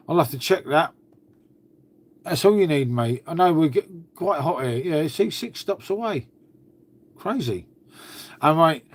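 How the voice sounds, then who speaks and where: A man hosting a casual livestream, chatting to viewers and swearing freely as he talks to his dog. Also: a little high. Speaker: livestream host. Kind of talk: casual live chat with viewers.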